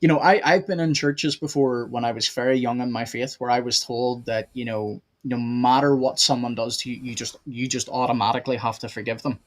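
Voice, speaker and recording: A man's voice: mid-range voice, steady tone, brisk, few pauses. A man with an Irish accent hosting a casual theology podcast, asking long, rambling questions. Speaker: podcast host.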